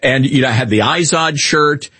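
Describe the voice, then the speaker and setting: A man hosting a talk radio show, giving animated, mocking opinions and chatting with a co-host. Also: mid-range voice, moderate pace, husky, no room sound.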